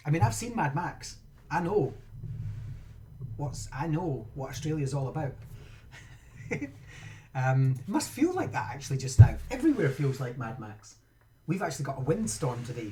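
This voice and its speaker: A man's voice: mid-range voice, dark tone, a little hiss or hum. A man, chatting casually and rambling as he teaches a live-streamed game lesson, often breaking off mid-sentence. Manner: chatty, rambling, self-interrupting.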